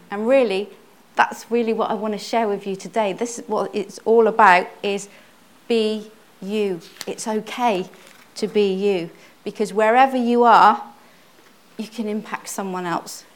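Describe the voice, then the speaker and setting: Earnest woman preaching a testimony. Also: medium pitch. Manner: earnest and conversational, with halting restarts. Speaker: church speaker, pastor's wife. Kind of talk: personal testimony sermon.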